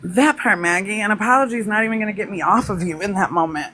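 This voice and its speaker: Mom on a live stream cussing and reacting to news, talking straight to chat, mid voice. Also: female voice, mid-range voice, fast talker, sharp tone. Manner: profane, blunt, emotional asides to viewers.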